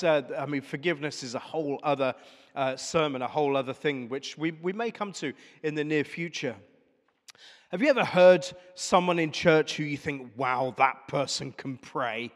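High-voiced preacher in a reverberant church. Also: male voice. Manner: conversational, asks the congregation questions. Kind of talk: sermon. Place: church service.

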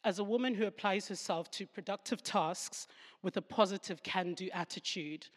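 A woman's voice: mid-range voice, normal speed, long reverb tail. A woman with a Southern African accent giving a devotional Bible talk, with humorous asides where she laughs at herself. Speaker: Bible teacher.

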